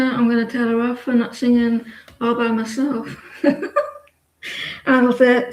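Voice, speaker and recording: A woman's voice: a little high, level tone, unhurried, pauses often, roomy sound, a little hiss or hum, poor audio. A woman in her forties giving a live tarot reading, rambling with lots of fillers and restarts. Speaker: tarot reader. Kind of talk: live-stream tarot reading and casual chat.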